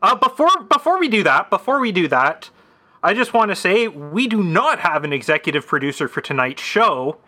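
A man's voice: high-pitched, big pitch swings, moderate pace, pushed and bright. A man co-hosting a podcast in casual chat, with dry wisecracks. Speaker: podcast co-host.

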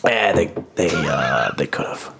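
A man's voice: very deep voice, expressive, unhurried, vocal fry, a bit bright, a little hiss or hum. A man hosting a comedy podcast, chatting casually and laughing often. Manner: laughs often, jokey and loose. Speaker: podcast host.

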